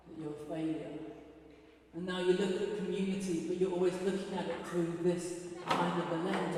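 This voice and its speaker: High-voiced man preaching in an echoey hall. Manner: animated storytelling with self-mocking humor. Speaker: pastor. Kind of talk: sermon. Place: church auditorium. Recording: echoey hall from far off, faint noise.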